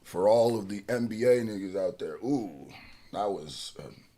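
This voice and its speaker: A man giving casual, animated reaction commentary, talking back to the track. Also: fairly low pitch, measured pace. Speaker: reaction streamer.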